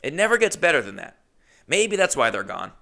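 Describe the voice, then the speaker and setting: A man in his thirties from New England paces his apartment with a corded mic, hosting a podcast and rambling through a profane, wandering comedic monologue. His voice is on the high side, fairly quick and creaky, and his storytelling is animated and digressive.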